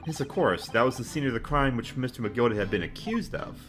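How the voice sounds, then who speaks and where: A man's voice: mid-range voice, lively intonation, brisk, music in the background, lightly acted. A man voicing a polite, earnest young lawyer who gets flustered and anxious. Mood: shocked.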